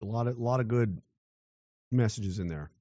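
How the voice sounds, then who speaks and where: A man ranting in a combative, profane way, often breaking into shouts. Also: on the low side, normal speed, no echo. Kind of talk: profane angry rant. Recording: dull, dry lo-fi recording.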